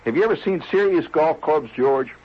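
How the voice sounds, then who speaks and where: Folksy, husky-voiced male storyteller. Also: a little high, lively intonation, moderate pace, lo-fi sound. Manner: folksy, digressive, lots of "see?" and "you know". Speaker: comedian. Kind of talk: rambling comic storytelling.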